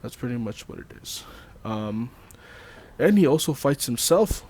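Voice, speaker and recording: A man's voice: medium pitch, big pitch swings, a little slow, darkish tone. A man co-hosting a casual film discussion, rambling with frequent ums and laughing often. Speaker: podcast co-host.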